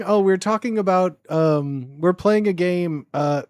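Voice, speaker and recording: A young man chatting on a stream, rambling from joke to joke with frequent giggles. His voice sits a little high. It is recorded close and dry, with no room sound. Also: takes it slowly, a little mellow, clear, resonant tone, dry recording. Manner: rambling, giggly, crude joking. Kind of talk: casual stream chat.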